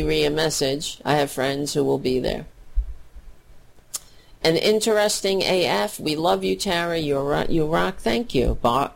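Her voice low-pitched and gravelly, a woman running a political livestream speaks bluntly and with heat in casual commentary, getting emotional when she thanks those watching.

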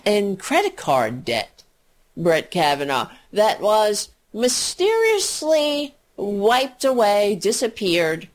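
A woman hosting political talk radio, ranting angrily and profanely, mocking people with sarcastic quoted voices and rambling through restarts. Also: mid-range voice. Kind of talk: opinionated political rant.

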